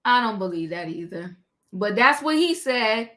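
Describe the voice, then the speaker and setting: A woman hosting a livestream, recapping a reality show in sassy, animated casual chat. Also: medium pitch, moderate pace. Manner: animated, sassy, talks back to the people she recaps.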